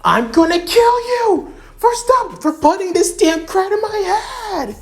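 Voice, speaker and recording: A man voicing a furious young female fallen angel who screeches and shouts in rage, far above his own pitch. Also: sing-song, unhurried, full character voice.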